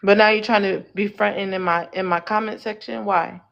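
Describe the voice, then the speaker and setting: A woman's voice: mid-range voice, steady tone, creaky, lo-fi sound. A woman hosting a live panel on her phone, teasing guests and cutting in to steer the talk. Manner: teasing, bossy, quick to cut in. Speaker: TikTok live panel host. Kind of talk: casual live-stream chat.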